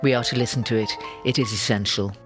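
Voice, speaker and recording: Brief: male narrator, mid pitch, wry memoir reading with lively storytelling. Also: quick pace, over music.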